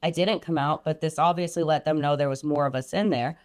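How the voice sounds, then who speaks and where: Low-voiced woman telling a personal story. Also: fairly even intonation, darkish tone. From Iran. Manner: earnest, halting, frequent restarts and ums. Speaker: podcast guest.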